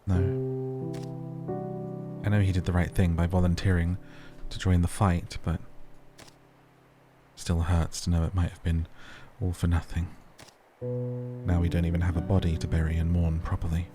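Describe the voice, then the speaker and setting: Man voicing a sorrowful young woman, low subdued read over game music. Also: level tone, normal speed, long pauses, natural voice. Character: grieving young woman, sister of a missing soldier.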